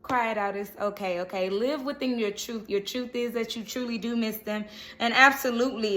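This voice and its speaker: A woman's voice: on the high side, bright, forceful tone. A woman giving a casual, reassuring tarot reading to camera, often checking in with "okay?". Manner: chatty, reassuring, frequent "okay?" check-ins. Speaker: tarot reader.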